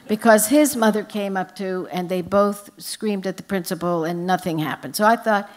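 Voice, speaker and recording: An older woman tells humorous stories from her life with lively, anecdotal timing. She speaks as a guest author at a live book event. Her voice sits at an ordinary middle pitch. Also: moderate pace. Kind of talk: storytelling on stage.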